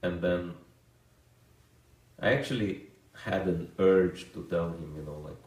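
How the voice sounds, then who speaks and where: Deep-voiced man telling a story in a roomy hall. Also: a little slow, pauses often, distant mic. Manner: relaxed anecdotal storytelling with fillers and chuckles. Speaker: monk giving a talk. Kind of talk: storytelling lecture.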